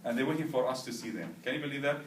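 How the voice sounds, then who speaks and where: A man's voice: mid-range voice, expressive, rapid-fire, a little hiss or hum. A man teaching a language class, drilling students to repeat after him and checking with "right?" and "understood?". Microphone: far camera. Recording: roomy, distant classroom recording.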